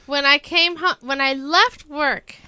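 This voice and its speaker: A woman's voice: high-pitched, fairly even intonation, a little slow, bright, forceful tone, dry recording. A middle-aged woman co-hosting a podcast, chatting casually and telling stories. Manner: chatty, storytelling. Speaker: podcast co-host. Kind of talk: casual chat.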